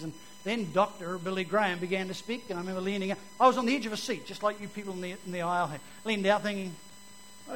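A man giving a personal testimony to an audience, telling it vividly and moving from loud to hushed. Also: high-pitched, slight background noise, low-quality recording. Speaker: speaker giving his testimony.

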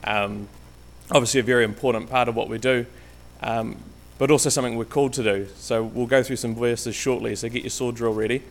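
Brisk, with hardly any pauses, a medium-pitched man speaks with fairly even intonation. He's a guest lay preacher from Canterbury, New Zealand, and his church talk is informal and faltering, full of ums and restarts. A stage microphone picks him up, though he sometimes moves off it.

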